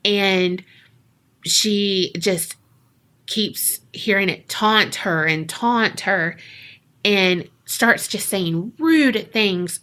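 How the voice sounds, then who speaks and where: Bright-voiced woman telling a story slowly. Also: medium pitch. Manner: slangy, profane, dramatic retelling. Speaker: podcast co-host. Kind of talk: casual storytelling chat.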